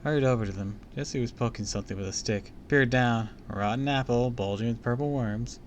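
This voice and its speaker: A man's voice: medium pitch, fairly quick, slight background noise. A man streaming a live read-aloud of a book, breaking off into casual comments and jokes. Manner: chatty, comments and jokes between passages.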